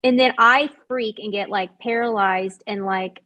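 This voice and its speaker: Woman telling her story, animated. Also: medium pitch, a little slow. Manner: animated, acts out quoted voices; frequent fillers like "like". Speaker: guest. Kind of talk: personal storytelling.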